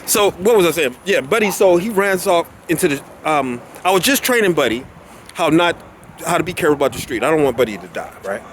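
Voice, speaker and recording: Man, high voice, rambling casual chat, walking outdoors, noisy street traffic. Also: lively intonation, fast talker. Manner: rambling, loses his train of thought; laughs often. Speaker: vlogger walking his dog.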